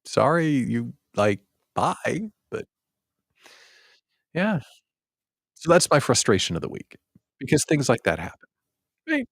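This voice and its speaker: Male host, animated storyteller with a husky, swooping voice, dry close sound. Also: mid-range voice, slow, long pauses, no room sound. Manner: animated storyteller, self-mocking, acts out his own past thoughts. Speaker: host of a small business show. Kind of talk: casual livestream monologue.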